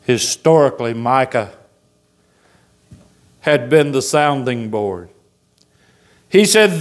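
A man's voice: mid-range voice, animated, slow, long pauses. A man, preaching a fervent church sermon as pastor and asking the congregation rhetorical questions. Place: church sanctuary.

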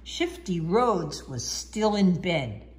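A woman reading a children's storybook aloud in an expressive, sing-song way. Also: lowish voice, takes it slowly. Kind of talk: children's book read-aloud.

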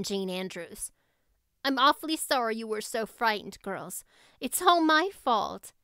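A woman voicing a spirited, imaginative teenage girl who speaks in an earnest, expressive way. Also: high voice, clear, resonant tone, dry recording, studio quality, pitched above the performer's own voice. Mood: spirited, rueful.

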